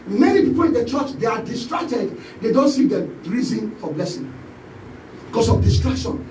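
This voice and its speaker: Nigerian pastor, very high lively voice, preaching in a roomy hall, mic a little distant, faint ambience behind. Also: male voice, fairly quick, a little hiss or hum. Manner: preaching with sweeping pitch and shouted calls. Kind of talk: sermon. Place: church hall. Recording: echoey church hall, voice from off-mic.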